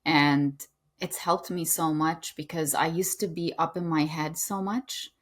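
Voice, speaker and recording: A woman author speaks as a podcast guest in an earnest, gentle way. Her voice sits noticeably low, and she leans into her main points with quiet firmness. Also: steady tone, a little slow. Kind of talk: conversational interview.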